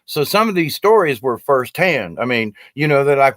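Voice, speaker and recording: A man's voice: medium pitch, sing-song, a bit bright, no echo, clean studio sound. Folksy older Southern storyteller man. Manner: folksy, rambling, drawn-out speech full of "you know". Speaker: storyteller and puppeteer. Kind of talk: rambling humorous storytelling monologue.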